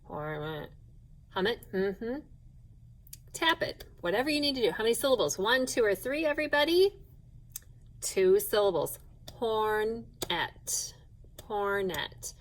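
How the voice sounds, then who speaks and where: A woman teacher giving a recorded phonics lesson to young children, sounding words out slowly and clearly. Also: fairly high pitch, animated, rough recording. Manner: slow, clear, patient classroom delivery, sounding words out.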